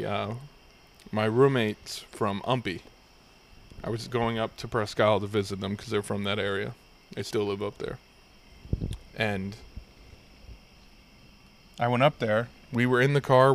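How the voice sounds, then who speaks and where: A young man in a laid-back podcast chat, spinning a rambling anecdote and swearing freely as he goes. His voice sits in an ordinary middle pitch and the delivery stays loose and conversational. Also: flat delivery, measured pace, long pauses, a bit bright, slight background noise. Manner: rambling, profane anecdote telling. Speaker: podcast host. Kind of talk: casual storytelling chat.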